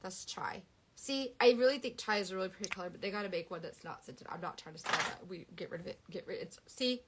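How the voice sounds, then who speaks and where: A woman's voice: mid-range voice, quick pace, very noisy. A woman in her thirties chatting casually and animatedly on a live beauty stream. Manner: animated, dramatic, Southern US sayings. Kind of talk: casual chat.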